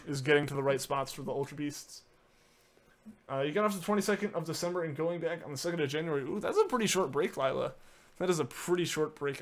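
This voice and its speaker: A man streaming a game, chatting casually and answering viewer messages, often using filler words and restarting his sentences. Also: a little high. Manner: filler-heavy, many "like"s and restarts. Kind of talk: casual live-stream chat.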